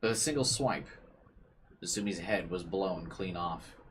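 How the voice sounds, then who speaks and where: A man's voice: deep voice, a little slow, fairly bright tone, slight background noise. A young man streaming a visual novel, reading its text aloud with casual, joking asides. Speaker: let's play streamer.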